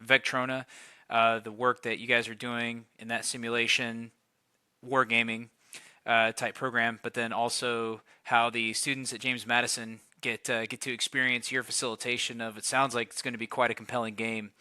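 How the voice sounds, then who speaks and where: A male interview host with a very bright, crisp voice and a flat, even delivery, recorded dry and close. He is polite and formal, thanking his guest in short, measured sentences. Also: medium pitch, dry recording. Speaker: podcast host. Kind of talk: interview hosting.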